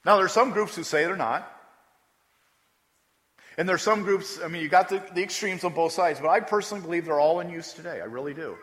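A man's voice: a little high, brisk, fairly bright tone. A man preaching a sermon as pastor, talking conversationally and repeating words for emphasis. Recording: long hall reverb.

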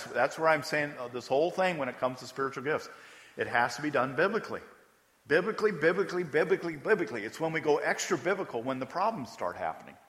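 A man's voice: medium pitch, a bit bright. A man preaching a sermon as pastor, talking conversationally and repeating words for emphasis. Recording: long hall reverb.

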